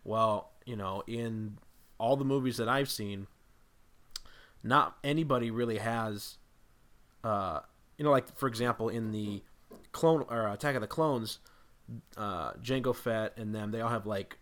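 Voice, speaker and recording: A man with a fairly low voice talks casually as a podcast guest. He rambles, restarts his sentences and thinks aloud as he builds up an idea. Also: measured pace, long pauses, fairly bright tone.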